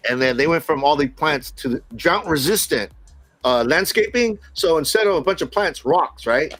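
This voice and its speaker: A middle-aged man chats on a podcast, his fairly high voice jumping all over as he tells an animated story and laughs between lines. The sound is dry and close, with faint music underneath. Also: normal speed, no room sound. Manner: animated, laughs often, acts out quotes. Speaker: podcast co-host telling a work story. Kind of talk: casual storytelling chat.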